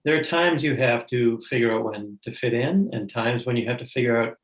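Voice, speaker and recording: A man's voice: medium pitch, brisk, dull audio. A tenured male professor speaking bluntly in a panel discussion over a video call. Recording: echoey room.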